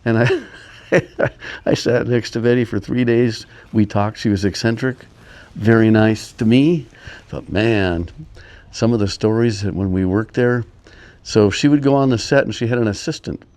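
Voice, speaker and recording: A man's voice: fairly low pitch, a little mellow. An older man telling rambling personal stories in a casual, meandering way, chuckling often. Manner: meandering, chuckling, many pauses. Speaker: storyteller. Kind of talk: casual storytelling.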